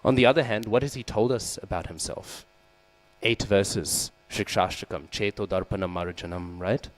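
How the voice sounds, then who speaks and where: Man, low voice, temple sermon, frequent "hmm?" asides, faint mains hum. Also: steady tone, moderate pace, poor audio. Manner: frequent "hmm?" and "right?" checks with listeners; acts out quoted lines with raised voice. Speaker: devotional class speaker. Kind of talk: scripture class sermon. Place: temple hall.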